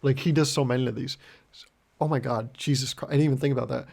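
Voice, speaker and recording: Gravelly young man telling rambling stories. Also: mid-range voice, quick pace. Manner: deadpan, rambling, swears a lot, acts out both sides of conversations. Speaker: podcast host. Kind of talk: solo comedic storytelling podcast.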